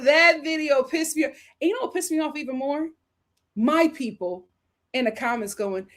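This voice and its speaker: A woman from Philadelphia hosting a live stream, reading chat comments aloud and reacting in an animated, heated way, often breaking into laughter. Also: sits high, moderate pace.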